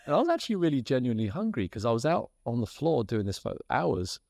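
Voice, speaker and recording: A British man, a podcast guest, telling a lively anecdote and acting out the people in it. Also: mid-range voice, quick pace, creaky, dry recording, studio quality. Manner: lively storyteller who acts out quoted voices and laughs as he tells.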